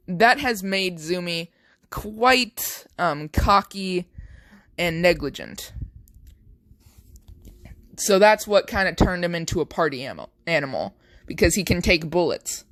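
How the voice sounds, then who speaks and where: A man's voice: high voice, a bit bright, dry recording. A young man casually narrating an improvised fan story, rambling with many fillers.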